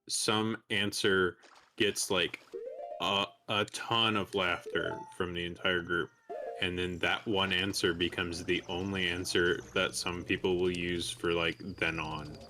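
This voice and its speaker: A man chatting casually with friends during a game stream, relaxed and full of fillers. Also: low voice, measured pace, music in the background. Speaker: friend on voice chat. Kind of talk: casual chat.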